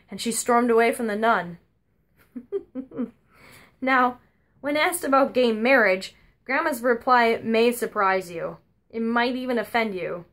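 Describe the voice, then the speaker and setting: A woman's voice: on the high side, moderate pace, fairly bright tone. A woman giving a eulogy for her grandmother, telling anecdotes in a conversational, wry way at a funeral service. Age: adult. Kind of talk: humorous eulogy storytelling.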